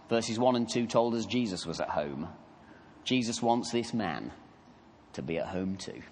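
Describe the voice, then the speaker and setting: A man preaching a sermon, telling the story in an animated, conversational way with asides to the congregation. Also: lowish voice, a little slow, long reverb tail, slight background noise.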